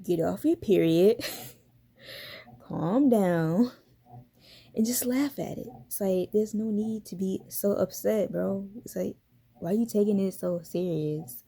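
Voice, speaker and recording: A woman's voice: medium pitch, slow, vocal fry, mellow, husky. A young woman giving a casual commentary vlog as a YouTuber, talking bluntly with lots of profanity, slang and laughter.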